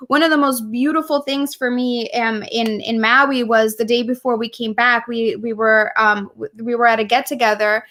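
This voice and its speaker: Woman cohost on a podcast, bright higher voice, gushy and heartfelt, laughs a lot. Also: fairly even intonation, moderate pace, few pauses. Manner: warm, gushing, laughs often. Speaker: podcast co-host. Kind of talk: casual heartfelt chat.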